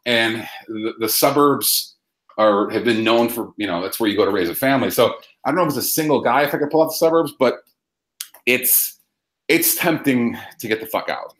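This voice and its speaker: A man's voice: medium pitch, normal speed, fairly bright tone. Profane rambling male talk host. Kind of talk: casual chat. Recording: echoey room.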